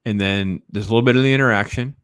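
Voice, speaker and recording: A man's voice: lowish voice, fast talker, fairly bright tone, clean tone, no room sound, studio quality. A man chatting casually and enthusiastically about comic books, rambling with lots of fillers. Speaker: comic book collector. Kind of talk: casual video chat.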